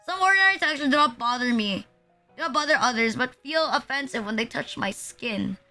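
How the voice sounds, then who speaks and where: A young woman from the Philippines chats on her livestream in a high, bright voice. She rambles and swears freely, and her talk is full of "like." Faint music plays behind her. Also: expressive, brisk. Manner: rambling, swears a lot, lots of "like". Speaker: VTuber streamer. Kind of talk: casual livestream chat.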